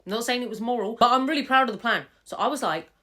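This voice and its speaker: A young woman telling a story from her own life in a casual, animated way, laughing and swearing now and then. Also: a little high, racing. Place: home room with fairy lights.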